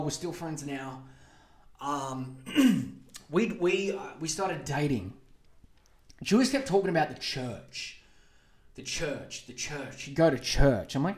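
A man with a slightly high voice tells a long, rambling story on his podcast, swearing freely and getting animated as he goes. His voice carries some room echo. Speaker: podcast host. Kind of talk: casual storytelling monologue.

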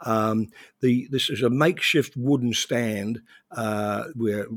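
A man's voice: medium pitch, slow, no room sound. An older man from New Zealand, a former journalist, telling anecdotes in a rambling, conversational interview.

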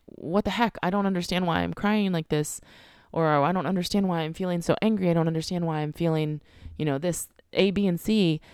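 Low-voiced chatty woman coach. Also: darkish tone, clear, resonant tone, no room sound, clean studio sound. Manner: chatty, rambling with frequent restarts and fillers. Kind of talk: casual podcast monologue.

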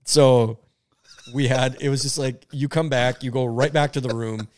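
A man's voice: mid-range voice, fairly even intonation, moderate pace, a little mellow. A man telling a funny story in a casual podcast chat, laid back and laughing between lines.

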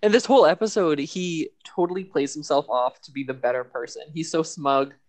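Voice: mid-range voice, fairly quick, darkish tone. A podcast co-host recapping a TV episode in casual chat, laughing often. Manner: laughs often, loose and chatty.

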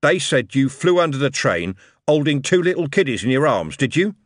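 Gruff grandfatherly tycoon, played by a male narrator; grave, blunt, heartfelt. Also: mid-range voice, sing-song, moderate pace, no room sound, studio quality, pitched above the performer's own voice, close to an everyday voice.

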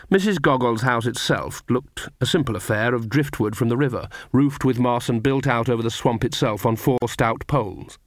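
A man reading a comic fantasy novel aloud in measured, scripted narration. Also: medium pitch, no room sound, clean studio sound. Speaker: audiobook reader.

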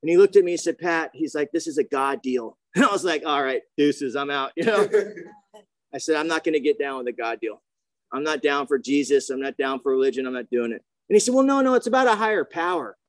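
A man sharing his recovery story in a casual, slangy way, bouncing between narration and acted-out dialogue. His voice sits fairly high, and the sound is dry and close with no room echo. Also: fairly quick. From grew up near the ocean. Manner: animated storytelling, slangy, acts out quoted dialogue. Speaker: recovery meeting speaker.

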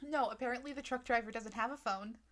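A woman's voice: a little high, fast, fairly bright tone. A woman co-hosting a podcast, chatting casually and sarcastically about a book, acting out the characters' lines with giggles. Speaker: podcast co-host. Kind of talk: casual chat recapping a book.

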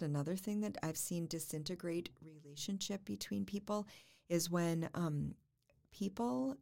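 Low gravelly-voiced woman therapist. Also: a little mellow. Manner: thoughtful, measured, builds points through repetition. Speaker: family and marriage therapist, guest. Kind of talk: reflective interview answer.

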